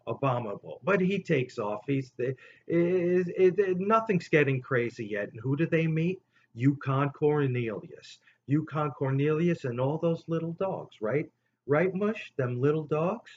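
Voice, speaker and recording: An older man spins a rambling childhood tale in a casual, animated way. His voice sits mid-range but leaps high when he quotes someone. The recording is slightly muffled, with a faint hum of room noise behind him. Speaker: storyteller host. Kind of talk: casual storytelling to camera.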